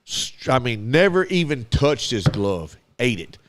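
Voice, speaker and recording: A man, hosting a casual podcast and telling animated stories as a youth baseball coach. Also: medium pitch, unhurried, slight background noise. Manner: animated storyteller who acts out quoted dialogue.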